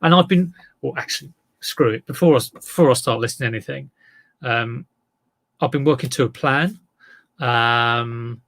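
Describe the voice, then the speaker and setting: A chatty man runs a casual selling vlog, drifting from one topic to the next and poking fun at himself. His voice sits at an ordinary pitch with a gravelly, creaky edge. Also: moderate pace, a bit bright. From England. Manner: rambling, self-deprecating, wanders off topic. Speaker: online reseller.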